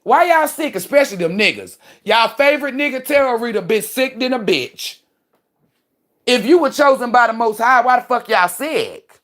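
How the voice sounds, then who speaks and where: A woman's voice: fairly high pitch, animated, normal speed, fairly bright tone. Profane, preachy woman ranting on a livestream. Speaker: livestream host and spiritual commentator. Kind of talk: casual livestream rant.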